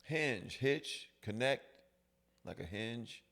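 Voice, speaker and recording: A middle-aged man hosting a casual podcast chat, relaxed and chuckling, often repeating his agreement. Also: medium pitch, slow pace, creaky. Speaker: podcast host.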